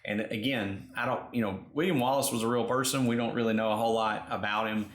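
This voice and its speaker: A man's voice: on the low side, fairly even intonation, fast talker, reverberant. A man co-hosting a casual talk show, reflective and thinking aloud with many fillers. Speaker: podcast co-host. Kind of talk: casual chat.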